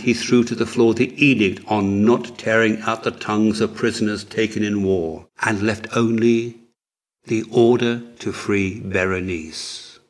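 A man narrating a historical story in a measured, dramatic way, as an audiobook. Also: on the low side.

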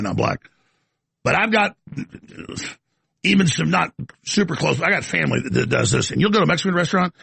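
Ranting male talk show host, gravelly and husky, stammering restarts. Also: mid-range voice, a bit bright, dry recording. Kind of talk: live talk show rant.

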